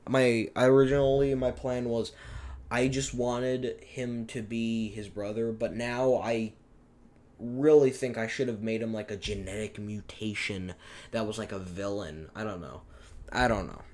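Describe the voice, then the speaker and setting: A man's voice: on the low side, steady tone, unhurried, darkish tone. A man giving a rambling, self-deprecating director's commentary on his own fan series, often unsure of himself.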